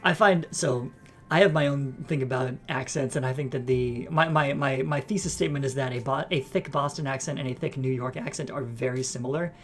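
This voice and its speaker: A man's voice: medium pitch, brisk, soft background music. A man hosting a let's play, reading game text aloud with playful, jokey asides.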